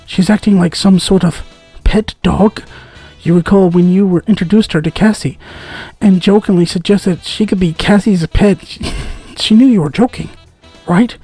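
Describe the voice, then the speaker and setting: A man's voice: high voice, normal speed, mellow, slightly rough, faint music behind. A man giving let's-play commentary, reading game text aloud and making joking asides with frequent giggles. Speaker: gaming content creator.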